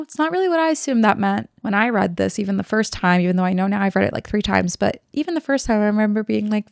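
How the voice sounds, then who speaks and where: A woman's voice: mid-range voice, brisk, creaky, few pauses, a little mellow, no echo, clean studio sound. A young woman hosting a podcast, retelling a classic novel in a chatty, irreverent way full of slangy asides. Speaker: podcast host. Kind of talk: casual book-report retelling.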